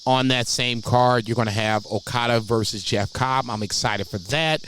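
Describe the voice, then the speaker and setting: A man's voice: medium pitch, moderate pace, fairly bright tone, a little hiss or hum, rough recording. A man co-hosting a wrestling podcast in casual chat, profane and laughing often. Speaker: podcast co-host.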